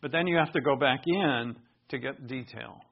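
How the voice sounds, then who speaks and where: A man preaching a conversational Bible teaching sermon, moving between relaxed explanation and emphatic raised bursts. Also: medium pitch, normal speed, creaky. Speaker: pastor. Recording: dull lo-fi recording.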